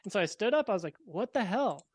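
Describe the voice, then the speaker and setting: A young man, a podcast guest, telling a personal story in a relaxed, casual way with wry, deadpan dark humor. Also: sits high, fast talker, dry recording.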